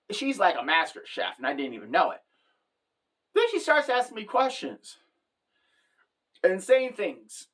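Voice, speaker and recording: Middle-aged woman telling a comic story. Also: medium pitch. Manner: animated, deadpan punchlines, jumps into quoted voices. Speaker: comedic storyteller. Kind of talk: comedic storytelling monologue.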